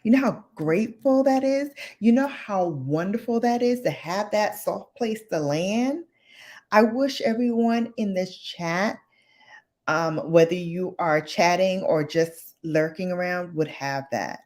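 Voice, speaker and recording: Slow, low-voiced woman speaking heartfelt. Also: darkish tone. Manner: emotional, heartfelt, repeats phrases for emphasis. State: close to tears. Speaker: livestream host. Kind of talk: late-night livestream chat with viewers.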